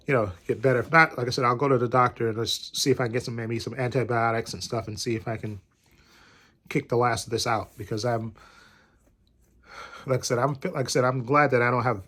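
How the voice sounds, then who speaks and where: A man's voice: medium pitch, fairly even intonation, a little fast, fairly bright tone. Rambling man vlogging from bed. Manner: rambling, repeats "like I said". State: recovering from a cold. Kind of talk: casual rambling vlog.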